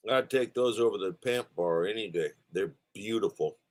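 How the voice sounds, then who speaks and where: A man's voice: fairly low pitch, moderate pace. A man hosting a casual live stream, chatting in a rambling, talkative way. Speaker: livestream host.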